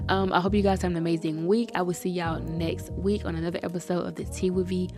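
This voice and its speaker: A woman's voice: fairly low pitch, little pitch movement, fast talker, few pauses, over music. Earnest young woman hosting a podcast. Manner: earnest, encouraging, addresses listeners as y'all. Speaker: podcast host. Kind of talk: casual solo podcast talk.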